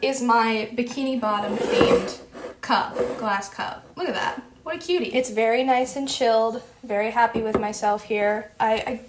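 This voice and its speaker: A young woman with a slightly high voice chats playfully through a casual home how-to vlog. She gushes and jokes as she goes. A faint hiss sits under the recording. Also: normal speed. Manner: chatty, playful and gushing. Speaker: vlogger.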